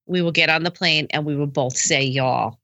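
A woman from New Jersey co-hosting a casual podcast chat, animated and playful. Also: low voice, brisk, no echo. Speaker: podcast co-host.

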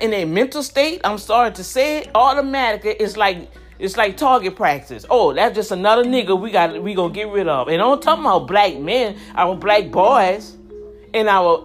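A vlogger in her fifties with a high-pitched voice delivers heated, indignant commentary directly to her viewers, repeating words as she gets worked up.

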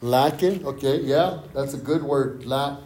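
A man's voice: mid-range voice, a little slow, a little mellow, roomy sound. A man preaching an interactive sermon, repeating key words for emphasis and asking his group questions. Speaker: preacher leading a Bible study.

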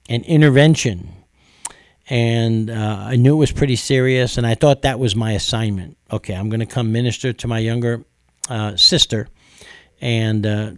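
A man from New York preaching, telling a personal testimony in an earnest, storytelling way with frequent pauses and fillers. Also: lowish voice, darkish tone, dry recording, clean studio sound. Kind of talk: testimony sermon.

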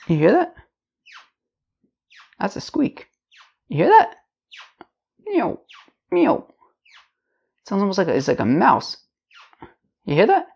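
A man's voice: sits high, wildly swooping pitch, a little slow, creaky, long pauses, darkish tone, breathy edge. A middle-aged man, teaching a casual daily Talmud class in a rambling, chatty way with joking asides. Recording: lo-fi home mic.

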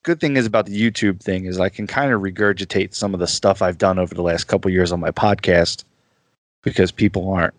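A man chatting casually as a guest on a podcast, easygoing and quick to laugh at himself. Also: low voice, fairly even intonation, dry recording.

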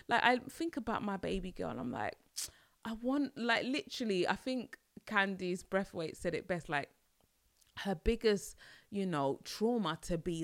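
A woman's voice: medium pitch, lively intonation, a little slow, a bit bright, no echo. A young woman speaking in a solo podcast, her voice swooping up and down as she talks. She sounds exasperated, throws in slangy asides and laughs often. The sound is close and dry. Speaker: podcast host. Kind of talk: casual solo podcast monologue.

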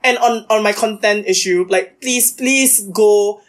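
A woman's voice: mid-range voice, unhurried. A young woman, a guest chatting in an interview and packing her talk with "like" fillers. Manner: chatty and animated, many "like" fillers. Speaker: podcast guest, university debater. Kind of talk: casual interview chat.

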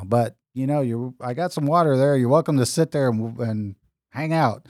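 A man's voice: medium pitch, moderate pace, a little mellow, dry recording, clean studio sound. A man co-hosting a podcast, telling a long rambling anecdote in casual chat and acting out the dialogue he quotes. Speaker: podcast co-host.

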